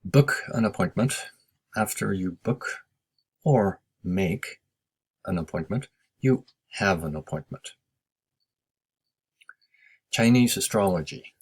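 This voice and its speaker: Slow gravelly-voiced male English teacher. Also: low-pitched. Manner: slow, patient explaining with Japanese glosses. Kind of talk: recorded lesson review.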